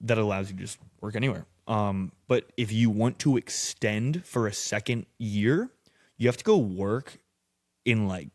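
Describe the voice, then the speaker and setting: A man's voice: fairly low pitch, moderate pace, no echo, clean studio sound. A man as a podcast guest, telling stories loosely and casually, swearing a lot and acting out what people said. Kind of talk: casual storytelling.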